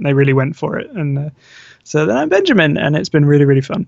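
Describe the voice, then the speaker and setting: A man, a voice actor, answering interview questions in a modest, hesitant way with many pauses. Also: a little high, lively intonation, gravelly, dry recording, highs cut off. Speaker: voice actor guest. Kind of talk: casual online interview.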